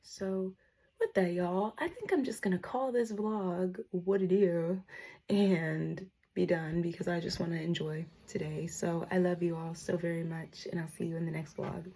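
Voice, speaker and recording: A woman's voice: lowish voice, normal speed, warm tone, breathy edge. A young woman talking to camera in a casual personal vlog, emotional and grateful, holding back tears at times. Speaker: vlogger.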